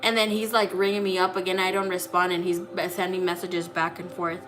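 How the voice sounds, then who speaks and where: Woman vlogger, blunt and profane, replays conversations as she tells them; music bed clearly audible. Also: on the low side, flat delivery, fairly quick, a bit bright. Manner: blunt, profane, retells dialogue animatedly. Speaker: psychic tarot reader. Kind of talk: candid personal storytelling. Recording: clear music playing under voice.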